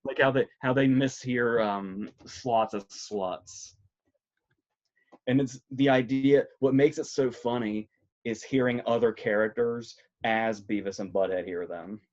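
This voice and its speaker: Male podcast co-host, mid pitch, giggly and rambling, slightly muffled lo-fi audio. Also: unhurried. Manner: laughs often, animated and rambling. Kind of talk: casual chat about films.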